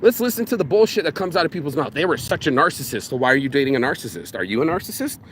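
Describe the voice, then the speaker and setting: A man ranting casually to camera, profane and animated, swinging between loud mocking quotes and low, intense asides. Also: rapid-fire, a little hiss or hum. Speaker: vlogger.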